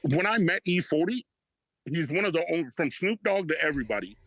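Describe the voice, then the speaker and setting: Middle-aged rapper guy rambling excitedly, bright punchy voice, dry close sound. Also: fairly high pitch, fairly quick, no room sound, low-quality recording. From Canada. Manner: excited, rambling, swears freely. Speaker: rapper guest. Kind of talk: casual interview storytelling.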